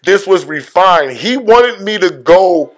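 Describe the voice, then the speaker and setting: A man's voice: high-pitched, lively intonation, slow pace. A man telling a story in casual chat, stuttering and repeating words as he acts out quotes. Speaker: podcast co-host guest.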